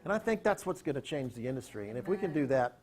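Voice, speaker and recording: A man giving a talk, telling a story in an animated way and acting out the people in it. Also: mid-range voice, fast talker. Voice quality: animated, acts out quotes. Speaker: speaker.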